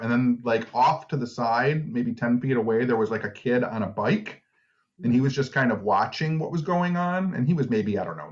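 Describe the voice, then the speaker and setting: A man with a Detroit accent, co-hosting a podcast, telling a story in casual chat with lots of swearing. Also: medium pitch. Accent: Detroit, Michigan. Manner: swearing storyteller, animated quoting. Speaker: podcast co-host. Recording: slightly dull lo-fi sound.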